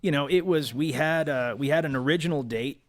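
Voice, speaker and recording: A man's voice: on the high side, brisk. Earnest man recounting business setbacks. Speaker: guest entrepreneur. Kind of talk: casual chat.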